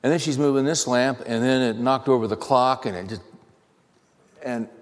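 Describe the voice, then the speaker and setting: A man hosting a talk, telling a personal story in a halting, restarting way that turns heated. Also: medium pitch. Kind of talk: anecdotal monologue. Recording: long hall reverb.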